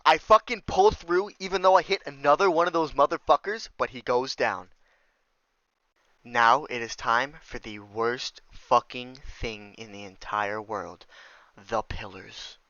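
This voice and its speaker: Young male gamer narrating over footage; bright, crisp voice, cursing and venting constantly, dry slightly dull recording. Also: mid-range voice, dry recording. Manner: profane, exasperated ranting with sudden outbursts. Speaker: gaming YouTuber.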